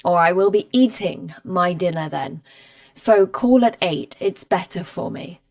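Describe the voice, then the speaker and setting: A woman's voice: lowish voice, expressive, measured pace, gravelly, a little mellow. A woman teaching a live online English grammar lesson, explaining patiently and reading out example sentences. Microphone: camera mic.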